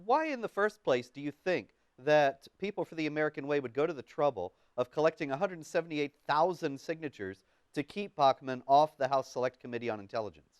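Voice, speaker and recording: A male talk show host who interviews his guest and reads quotations in a measured way. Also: on the high side, expressive, clean tone, dry recording.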